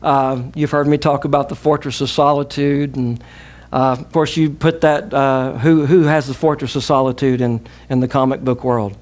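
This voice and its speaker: A man's voice: medium pitch, little pitch movement, normal speed, darkish tone. A middle-aged man with a Southern US accent, preaching a sermon as pastor, calling on the congregation to repeat after him. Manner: emphatic preaching with call-and-response.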